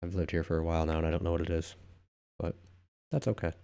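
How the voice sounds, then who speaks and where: Low gravelly man chatting offhand. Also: flat delivery, fast talker, dark tone. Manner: rambling, offhand, with frequent asides. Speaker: livestream host. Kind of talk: casual live-stream chat reading viewer comments.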